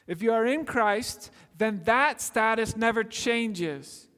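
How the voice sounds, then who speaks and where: A man preaching a sermon as pastor, earnest, drawing out key phrases slowly for emphasis. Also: extremely high pitch, a bit bright. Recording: long hall reverb.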